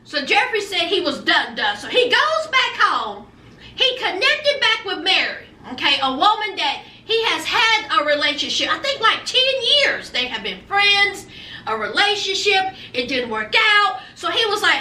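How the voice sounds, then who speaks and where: A woman's voice: very high-pitched, very animated, measured pace, pushed and bright. A woman recapping a reality show in casual, sassy commentary, retelling the drama with slang and flair. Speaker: reality TV reviewer. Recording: echoey room, mic at a distance.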